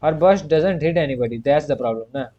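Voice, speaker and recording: Mellow-voiced man narrating his gameplay. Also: a little high, fast, dull audio. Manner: talks himself through moves, repeats short commands, keeps saying "you can say". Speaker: gaming streamer. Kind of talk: casual gameplay commentary.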